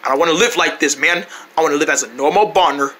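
High, very bright-voiced male storyteller. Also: quick pace. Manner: run-on, playful storytelling with sound effects. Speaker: storyteller voicing a character. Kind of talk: rambling first-person story skit.

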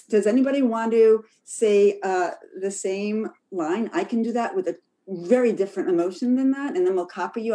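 A woman's voice: fairly low pitch, dark tone. A woman co-leading an online workshop, explaining how emotions come across in speech. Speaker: workshop co-facilitator. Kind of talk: explaining in a video call workshop. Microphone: video call.

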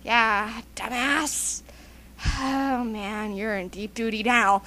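A woman's voice: a little high, steady tone, slow, pushed and bright. A woman doing a silly, exaggerated comedic parody dub of an anime scene, often breaking into giggles. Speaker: fan dubber.

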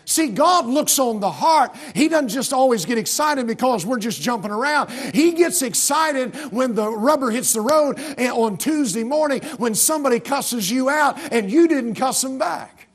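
A man's voice: very high voice, animated, normal speed, few pauses, slightly rough. A man preaching a sermon in a church with an American accent, speaking emphatically in rising bursts and often restarting his sentences. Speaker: pastor. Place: church sanctuary.

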